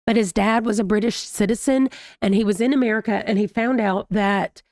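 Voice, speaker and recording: Woman in her thirties, sick and strained, chatty book vlogger, middling pitch, dry close sound. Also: brisk, a little mellow, no echo. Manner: chatty, gushing, Southern "y'all". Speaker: booktuber host. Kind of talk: casual reading vlog chat. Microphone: desk microphone.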